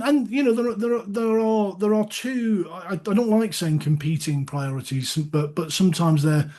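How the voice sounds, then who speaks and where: A man on a video call webinar, his voice sitting a little high for a man. He talks in a halting way, doubling up words as he thinks aloud. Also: warm tone. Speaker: guest panelist. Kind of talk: webinar discussion.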